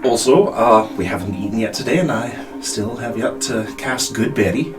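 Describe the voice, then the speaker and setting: A man's voice: fairly low pitch, moderate pace, recorded from a distance, music in the background. A man playing a tabletop game, talking casually with many hesitations. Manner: hesitant, lots of fillers, animated. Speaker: player.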